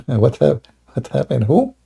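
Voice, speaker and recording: Gravelly, taunting male stream host. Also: medium pitch, sing-song, unhurried. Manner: sarcastic, taunting, swings into loud exclamations; broken English grammar. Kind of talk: mocking live-stream commentary.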